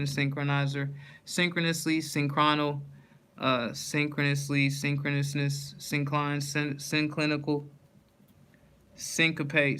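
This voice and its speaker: A man works through a list of words aloud, one after another, in a slightly higher voice that barely moves in pitch. He goes slowly, and his tone stays smooth and clear. He trips over a word now and then and starts it again. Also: fairly bright tone. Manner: reads words one by one, with frequent slips and restarts.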